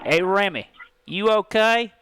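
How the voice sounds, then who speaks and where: A man's voice: high-pitched, unhurried, a bit bright, clear, resonant tone, voice pushed up. A man voicing a worried male adventurer leader who calls out urgently.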